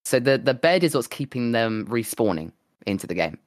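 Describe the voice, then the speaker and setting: A young man co-hosting a casual chat, animated and swearing, acting out what people said. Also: mid-range voice, fairly quick, no room sound. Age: young adult. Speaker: podcast co-host and streamer.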